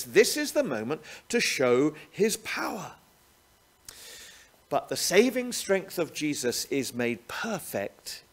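A man preaching a sermon, often ending points with rhetorical tag questions. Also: a little high. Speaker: pastor.

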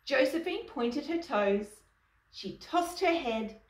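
Woman storyteller for kids, asks listeners questions, slow and unhurried, echoey room. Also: a little high. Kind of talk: reading a picture book aloud to children. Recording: echoey room, distant mic.

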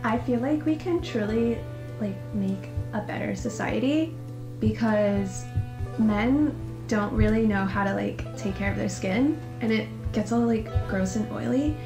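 A woman's voice: mid-range voice, unhurried, reverberant, over music. A woman in a game role-play, talking in a fussy, valley-girl way full of "like".

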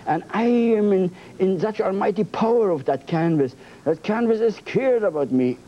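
Man, painting instructor, emphatic playful repetition, high voice, muffled old broadcast sound. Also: normal speed. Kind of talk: televised painting lesson.

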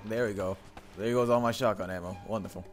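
Talking fast in a fairly low, steady voice, a young gamer provides casual let's play commentary on what he's playing, full of jokes, profanity, and self-talk, with game music in the background.

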